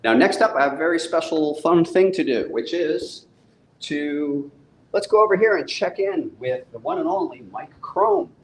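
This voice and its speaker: Recorded in an echoey room on a studio set with a bar, a male host and comic book publisher runs a casual live-stream chat. His slightly high voice is sing-song at normal speed, he's cheerful, chatty, and quick to laugh, and there's slight background noise.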